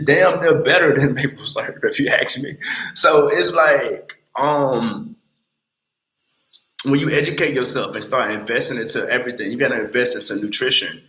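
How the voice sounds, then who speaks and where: A man in his late twenties talking bluntly and with lots of swearing on a casual livestream, telling animated stories. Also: mid-range voice, normal speed, roomy sound, poor audio. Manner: blunt, profane, animated storytelling. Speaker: livestream host.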